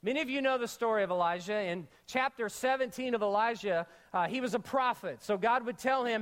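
A male pastor preaching an energetic sermon, mixing jokes and slangy asides into the message. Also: sits high, a little fast, hardly any pauses.

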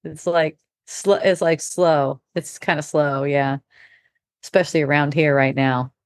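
A woman's voice: sits low, steady tone, a little slow, no echo, studio quality. A middle-aged woman hosting a casual spiritual talk, candid and rambling, laughing often and swearing freely. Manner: rambling with restarts. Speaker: podcast host.

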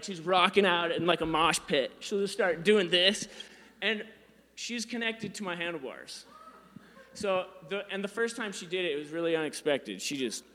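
A man telling a funny story about being a dad in a casual, animated, self-deprecating way. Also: long reverb tail. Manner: animated, self-deprecating, gets louder and higher when excited.

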